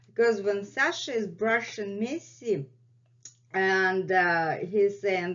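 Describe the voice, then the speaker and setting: A woman whose first language is Russian, hosting a language lesson and slowly repeating words for learners. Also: medium pitch, a bit bright. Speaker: language teacher and channel host. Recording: dull lo-fi sound.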